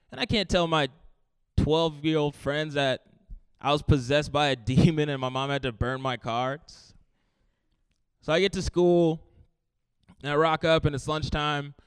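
A man doing stand-up storytelling, animated, acting out each quoted line with big jumps in pitch and loudness. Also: clean tone, dry recording. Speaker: stand-up comedian.

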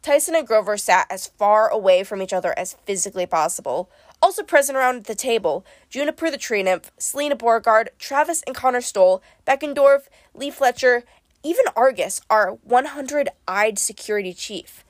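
A woman's voice: fairly high pitch, normal speed, dry recording, studio quality. A woman reading an audiobook aloud. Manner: expressive, lively first-person storytelling. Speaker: audiobook narrator.

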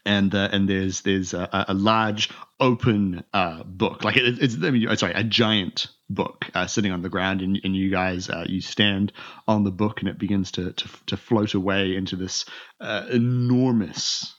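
A man's voice: low voice, fairly even intonation, normal speed, a bit bright, muffled recording. A man narrating as game master in a rambling way, with many restarts and fillers.

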